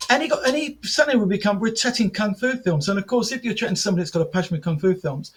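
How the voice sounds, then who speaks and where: A man as a podcast guest, telling animated anecdotes, acting out quoted dialogue with frequent restarts. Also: high voice, very fast, few pauses, a little hiss or hum. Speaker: podcast guest, martial arts film promoter and author. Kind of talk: casual podcast storytelling.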